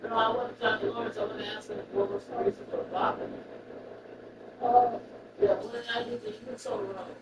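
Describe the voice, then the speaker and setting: A speaker rambling in casual chat, circling back over the same phrases with a gravelly edge and a pitch that swings up and down. The voice sits far from the mic in a roomy space. Loud traffic noise runs behind it. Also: big pitch swings, brisk. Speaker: person chatting.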